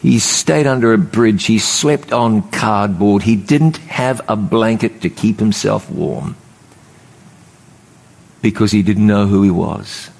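A man preaching a sermon, building fervent high emphasis and then dropping into slow, solemn storytelling. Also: gravelly, a little mellow. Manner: fervent, rises to high emphatic pitch on key words; slows and drops low for solemn storytelling.

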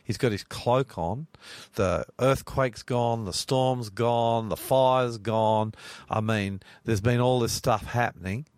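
A man leads a Bible study on the radio, earnest and often swelling into emphatic preaching. His voice sits at an ordinary pitch. The studio sound is close and dry. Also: takes it slowly, darkish tone, no echo. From Australia. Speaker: radio host.

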